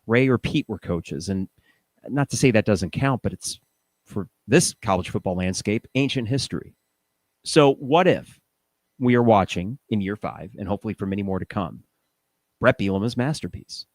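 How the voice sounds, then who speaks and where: A man's voice: on the low side, lively intonation, normal speed, no room sound. A man hosting a fan podcast, giving opinionated, casual commentary and thinking aloud with rhetorical questions. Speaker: podcast host.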